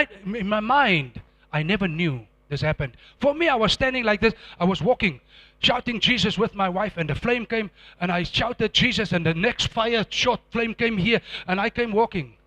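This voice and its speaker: A middle-aged man with a high voice preaches a sermon and tells a dramatic testimony, acting out scenes with sudden loud outbursts. The recording is dry.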